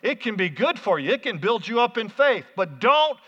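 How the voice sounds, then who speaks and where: A man preaching a sermon as pastor, energetic, calling out to the congregation in a church hall. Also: high voice, normal speed. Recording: muffled, hall reverb.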